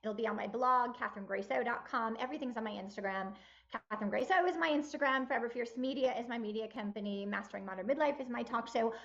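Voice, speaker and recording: A woman's voice: on the high side, fast, a bit bright, highs cut off. A woman around sixty, a podcast guest speaking emphatically and upbeat in a motivational tone. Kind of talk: casual interview chat.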